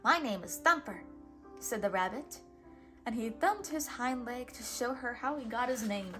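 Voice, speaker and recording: A woman hosting a channel and reading a children's storybook aloud, slow, clear and expressive. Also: on the high side, over music. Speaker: storybook reader, channel host.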